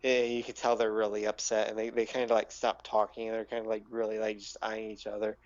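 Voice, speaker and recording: A man's voice: lowish voice, completely flat delivery, fast. A man narrating as game master of a tabletop game, rambling with lots of fillers, on a dull lo-fi recording.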